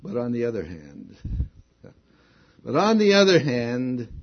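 A man preaching a sermon, slow and deliberate, rising to excitement on his key points. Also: medium pitch. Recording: dull lo-fi recording.

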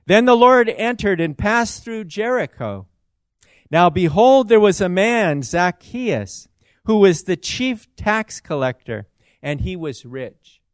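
Male scripture reader, formal measured delivery, unhurried, dry close sound. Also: high voice, clean tone, dry recording. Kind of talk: scripture reading.

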